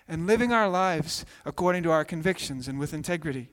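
A man in his thirties, a pastor preaching a sermon with animated storytelling, acting out voices. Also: fairly high pitch, a little fast, few pauses. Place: church sanctuary. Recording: long hall reverb.

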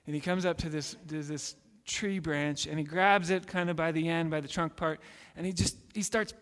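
A man's voice: a little high, fairly even intonation, normal speed, a bit bright, in a large hall. A man preaching a sermon as a pastor, telling a story in an earnest way that repeats itself and often restarts.

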